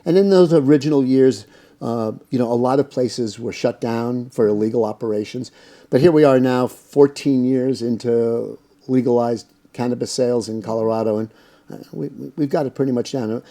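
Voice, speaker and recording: Mellow-voiced man telling stories. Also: medium pitch, moderate pace. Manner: anecdotal, lots of fillers, acts out quoted dialogue. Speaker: interview guest, cannabis business owner. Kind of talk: casual storytelling interview.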